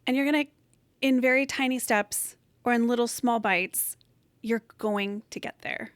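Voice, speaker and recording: A woman's voice: fairly high pitch, normal speed, no echo. A woman hosting a solo motivational podcast from her bedroom, talking in an earnest, encouraging, emphatic way. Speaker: podcast host. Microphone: camera set up in room.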